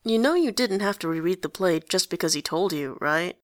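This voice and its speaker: A confident teenage boy, as a woman reads him, teasing in a low, close voice. The sound is dry and near the mic, like a storybook reading. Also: lively intonation, fairly quick, dry recording, natural voice.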